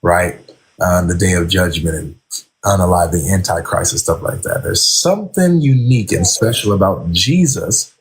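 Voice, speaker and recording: A man hosting a casual religious discussion, asking probing, measured questions. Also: deep voice, lively intonation, breathy edge, rough recording. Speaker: host, apologist.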